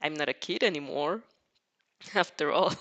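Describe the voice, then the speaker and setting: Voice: medium pitch, normal speed, a bit bright, lightly acted. A reader doing a teasing young winged hero, playful, bantering, chuckling through the lines, audiobook fanfic reading. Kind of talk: fanfic read aloud.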